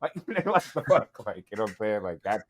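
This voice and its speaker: A man's voice: on the low side, big pitch swings, a little fast, husky. A man co-hosting a podcast, chatting casually with slang, rambling and laughing often. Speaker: podcast co-host.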